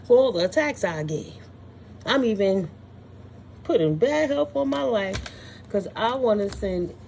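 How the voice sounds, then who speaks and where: A woman's voice: fairly high pitch, dark tone, a little hiss or hum. A woman doing a casual spiritual tarot reading, sassy and blunt, scolding with profanity and frequent laughs. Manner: scolding, dismissive. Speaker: tarot reader.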